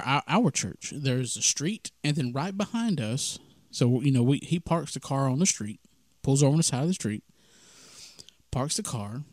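A man from Mississippi, hosting and telling a story in a lively, casual way and acting out the dialogue. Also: mid-range voice, no echo, clean studio sound. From Mississippi, USA. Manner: animated, acts out the dialogue of his story. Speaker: podcast host.

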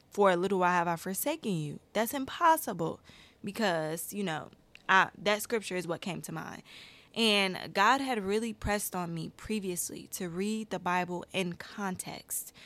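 A woman giving a personal Bible-study talk, speaking with her hands and reading verses aloud with rising emphasis. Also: medium pitch. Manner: animated, reads scripture aloud with rising emphasis; speaks with her hands and addresses viewers as y'all. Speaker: Christian video creator.

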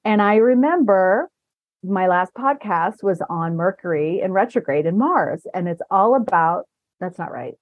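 A woman's voice: medium pitch, expressive, measured pace. A woman podcast host telling rambling anecdotes in a casual chat, often laughing as she talks. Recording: dull dry lo-fi recording.

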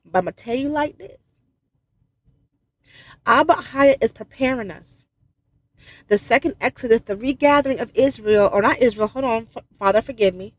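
A woman's voice: medium pitch, no echo. A woman giving a fervent spiritual address to followers, emphatic and repetitive, with brief laughs at herself. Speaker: religious video speaker.

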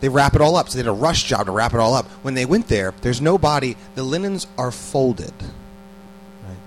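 A man's voice: medium pitch, expressive, moderate pace, soft background music, rough recording. Conversational man preaching casually. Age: adult parent. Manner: conversational, repeats words, asks the listeners questions. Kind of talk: casual sermon.

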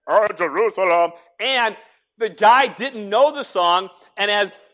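A man preaching a sermon as pastor, telling stories with animated swings between hushed and loud delivery in a church. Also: high-pitched, slow. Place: church sanctuary.

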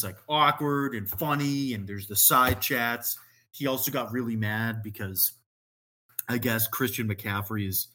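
A man's voice: mid-range voice, a bit bright, breathy edge. A man, a podcast guest, telling a rambling story in casual chat, full of "like" and frequent laughter.

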